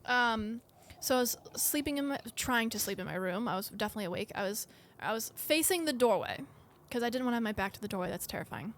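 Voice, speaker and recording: A woman co-hosting a casual podcast, telling a ghost story in an animated, halting way with many restarts. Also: a little high, a little hiss or hum. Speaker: podcast co-host.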